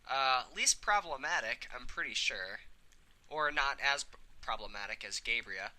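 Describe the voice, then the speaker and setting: Bright-voiced young man reading a game. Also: medium pitch, lively intonation, rough recording. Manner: casual, halting, with fillers and asides. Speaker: let's play host. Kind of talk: reading a visual novel aloud with casual commentary.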